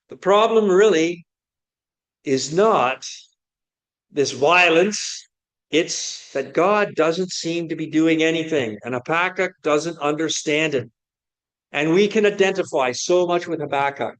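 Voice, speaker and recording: Man, preacher, sermon, earnest rhetorical questions, somewhat high-pitched. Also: expressive, measured pace.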